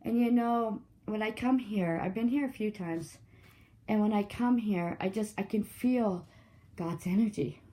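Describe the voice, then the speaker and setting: A woman giving a walking vlog tour, talking in a slow, earnest, spiritual way and getting choked up at times. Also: mid-range voice, dark tone, poor audio. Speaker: vlogger touring a site. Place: outdoor art site with walk-through rooms.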